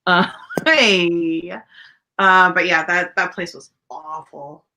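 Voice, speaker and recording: A woman's voice: on the low side, fairly even intonation, slow pace, sharp tone. A young woman telling a rambling story in casual chat, full of fillers and laughter, as a podcast host.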